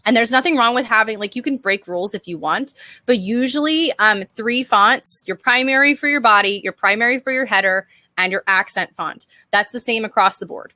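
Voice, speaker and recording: A woman's voice: fairly high pitch, a little fast, bright, forceful tone, no room sound. A young woman teaching design on a casual live stream, chatty and upbeat, answering viewer questions with lots of "um" and "like".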